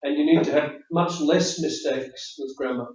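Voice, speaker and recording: English examiner in a roomy classroom. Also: male voice, a little high, fairly even intonation, moderate pace, a little mellow. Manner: friendly, chatty, explanatory, repeats words. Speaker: IELTS speaking examiner giving feedback. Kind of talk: spoken feedback after mock test. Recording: roomy, distant, dull classroom audio.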